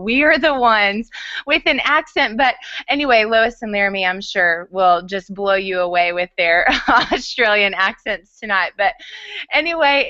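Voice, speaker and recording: A woman's voice: fairly high pitch, bright, forceful tone, dry recording, muffled recording. Bubbly woman giving a stage talk. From United States. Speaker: conference speaker.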